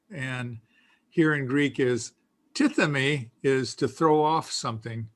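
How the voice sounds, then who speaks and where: A man teaching a beginners' Greek class, taking his time over each word. His delivery is slow and patient, with a plain middle pitch and frequent filler sounds as he explains. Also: fairly bright tone. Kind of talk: casual teaching.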